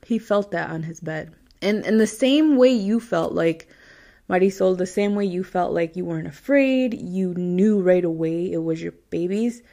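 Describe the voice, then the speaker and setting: A woman's voice: fairly low pitch, moderate pace, mellow. A woman hosting a podcast, reading listener stories in a casual, chatty way, often laughing and getting tearful. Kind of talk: casual chat.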